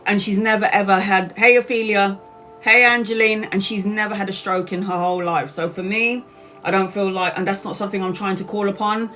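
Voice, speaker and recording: A woman's voice: on the low side, a bit bright. A woman in her forties, a tarot reader hosting a live stream, telling a story casually, swearing freely and greeting viewers by name as she talks. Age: 40s.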